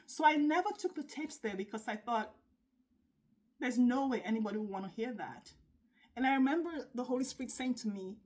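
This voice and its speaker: A middle-aged woman giving an earnest, faith-based motivational talk as a sales coach, speaking emphatically with dramatic pauses like a preacher. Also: sits high, lively intonation, a little mellow.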